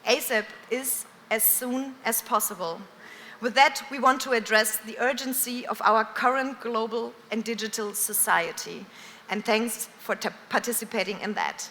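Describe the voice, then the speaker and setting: Woman event director, formal and slow, bright tone, hall reverb with faint ambience. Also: on the high side, a little hiss or hum. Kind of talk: opening remarks.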